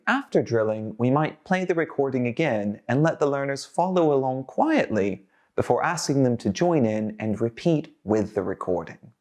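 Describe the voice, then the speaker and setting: This teacher trainer's voice runs a little high. He is energetic in a scripted teaching video, modelling sentences that learners then repeat back.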